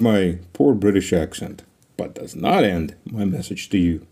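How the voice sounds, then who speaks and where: Man, guest filmmaker, prepared pitch, emphatic rhetorical questions, animated delivery, warm voice. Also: unhurried, slightly rough.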